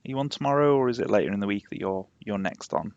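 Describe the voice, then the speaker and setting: A man's voice: on the low side, animated, fast talker, a little mellow, no room sound, highs cut off. A young man with a slightly posh Yorkshire accent, chatting rambly on a game live stream and laughing often. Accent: Yorkshire, somewhat posh. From England, Yorkshire. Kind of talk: casual live-stream chat.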